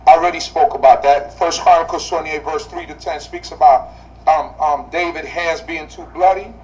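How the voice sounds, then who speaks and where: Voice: medium pitch, fairly even intonation, normal speed, darkish tone, distant mic, lo-fi sound. A Bible study teacher speaking to a class, asking rhetorical questions and repeating key phrases for emphasis.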